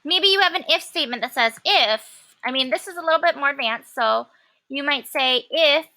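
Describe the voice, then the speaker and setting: A woman teaching a programming lesson, talking casually and thinking aloud with many pauses and fillers. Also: sits high, pushed and bright. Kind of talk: classroom coding lesson.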